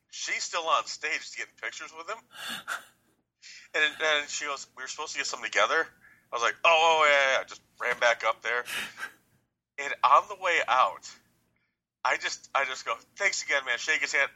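A man, co-hosting a podcast and telling a story in an excited way. He acts out what people said and laughs often. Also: medium pitch, poor audio. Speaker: podcast co-host. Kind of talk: casual chat.

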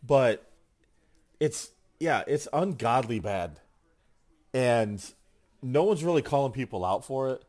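Animated man telling live-show stories. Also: mid-range voice, takes it slowly, pauses often, dry recording. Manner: animated storyteller, acts out quotes. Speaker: podcast co-host. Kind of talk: casual chat.

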